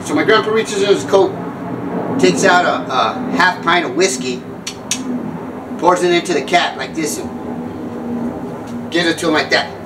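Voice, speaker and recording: A man in his sixties, a comedic speaker on sobriety, tells a rambling, self-mocking story about his past, repeatedly breaking off and starting over. His voice is high, the mic distant, with background noise.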